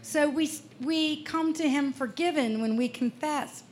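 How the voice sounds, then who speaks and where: A woman's voice: high voice, unhurried. Earnest woman in her sixties testifying. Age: 60s. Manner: earnest, heartfelt storytelling. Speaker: speaker at a Christian festival. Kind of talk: personal testimony talk.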